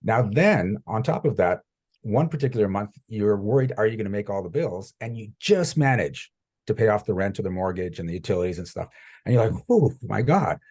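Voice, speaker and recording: Husky low-voiced man telling stories. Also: brisk. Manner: animated storyteller, acts out quoted voices. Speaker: guest coach. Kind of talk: conversational interview.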